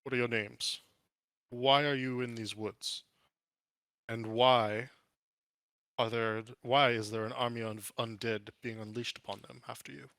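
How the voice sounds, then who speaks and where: A man voicing an eloquent male orc ranger who speaks in a regal, measured way. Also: medium pitch, fairly even intonation, creaky, fairly bright tone, clear, resonant tone, no echo. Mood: guarded.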